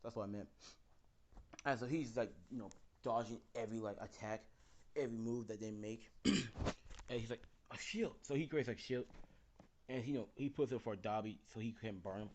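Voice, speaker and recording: A man's voice: fairly low pitch, normal speed, pauses often, darkish tone, a little hiss or hum, poor audio. Rambling young man telling a story. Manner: rambling, full of fillers and swearing. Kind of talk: casual improvised fan-story narration.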